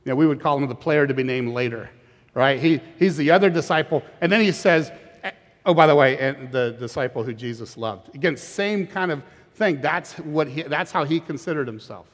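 A man's voice: a little high, brisk, long reverb tail. A man preaching a sermon as pastor, emphatic and often repeating words as he starts a phrase.

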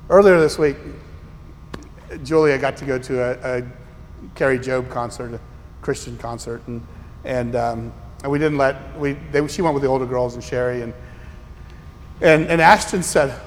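A man preaching a sermon as a pastor, telling stories in an animated, incredulous way. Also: a little high, moderate pace, long pauses. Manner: animated, incredulous storytelling with rising exclamations. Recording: long reverb of a large hall.

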